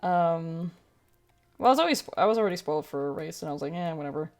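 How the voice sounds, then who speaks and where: Chatty young woman with a low voice. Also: expressive, fast talker, a little mellow, soft background music. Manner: rambling and chatty, with many fillers and self-corrections. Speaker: streamer. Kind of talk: casual chat while drawing on a livestream.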